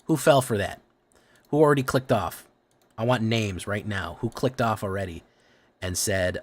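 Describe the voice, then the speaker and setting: Low-voiced, excitable male game streamer. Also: moderate pace, long pauses. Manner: excitable, joking, talks to chat. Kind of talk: casual live-stream commentary while playing a card game.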